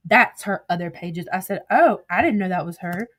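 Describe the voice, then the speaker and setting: A woman's voice: on the low side, animated, normal speed, no room sound. A woman streaming casual commentary, reading text messages aloud in a profane, gossipy way and laughing often. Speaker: social media streamer.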